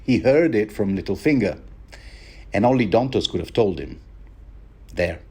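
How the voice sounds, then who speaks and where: A man with a fairly low voice talks through a book chapter in a rambling, conversational commentary. He is wry and chatty, often tripping over words and restarting his sentences as he thinks aloud. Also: animated, normal speed, dark tone, slightly rough. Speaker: podcast host.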